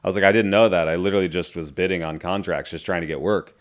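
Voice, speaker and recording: A man's voice: low voice, fairly even intonation, quick pace. A middle-aged man, a podcast guest, candidly retelling a business story and acting out the dialogue. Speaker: entrepreneur guest.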